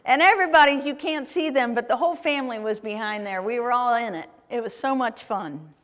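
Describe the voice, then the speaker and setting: Speaking briskly at a fairly high pitch, an Ohio woman, USA, presents a live travel talk with slides as a guest speaker. She is chatty and enthusiastic, frequently putting questions to the audience. The performing arts center auditorium gives a long hall reverb, with the live crowd in the background.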